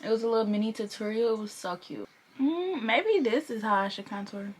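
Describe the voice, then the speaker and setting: A young beauty vlogger chats casually through a makeup tutorial, playful and a bit profane, swearing and laughing as she works. Her voice is fairly high, expressive, brisk, and slightly rough.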